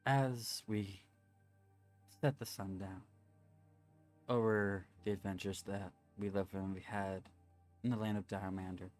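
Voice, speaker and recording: A man running a tabletop game as dungeon master, talking slowly with many fillers and pauses. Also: deep voice, darkish tone. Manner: slow, halting, with fillers. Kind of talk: casual chat and game narration.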